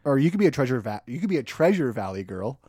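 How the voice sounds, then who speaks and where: A man's voice: medium pitch, very animated, warm tone, no echo, studio quality. A man co-hosting a podcast, teasing and swearing in casual chat. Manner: fast, profane, teasing. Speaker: podcast co-host.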